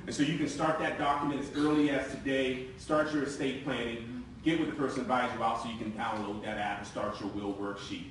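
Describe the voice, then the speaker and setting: A man in his forties giving a lively, joking live sales presentation to a room, talking conversationally. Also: medium pitch, a little fast, few pauses, slight background noise. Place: meeting room with audience. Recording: very echoey room from far off.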